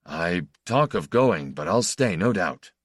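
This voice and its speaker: A man reading aloud and voicing a bitter, insecure, defensive young man with a gruff, blunt manner. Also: sits low, expressive, unhurried, no room sound, clean studio sound, exaggerated voice.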